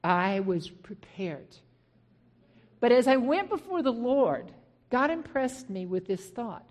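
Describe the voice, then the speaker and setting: A woman's voice: fairly high pitch, big pitch swings, slow pace, darkish tone. A middle-aged woman minister shares her personal testimony from the pulpit. She tells the story with animation and acts out the back-and-forth of remembered conversations. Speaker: Christian minister.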